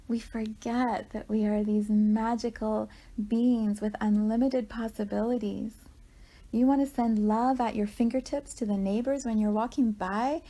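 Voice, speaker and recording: A woman guides a walking meditation in a warm, mellow voice. She speaks gently and conversationally, often checking in with the listener as she goes. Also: fairly high pitch, normal speed. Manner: gentle, conversational, with frequent "right?" asides.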